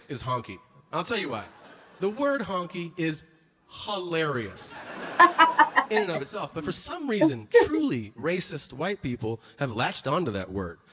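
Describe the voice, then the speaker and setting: High, lively stand-up comedian man. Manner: animated storytelling, acts out characters, profane. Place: stage before a laughing audience. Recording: noisy live show recording.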